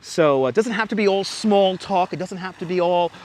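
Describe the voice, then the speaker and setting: A man's voice: sits high, a little fast. A man hosting a casual outdoor livestream by the water at night, chatting loosely and reading the chat aloud. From New York City. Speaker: livestream host. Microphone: wireless clip-on mic.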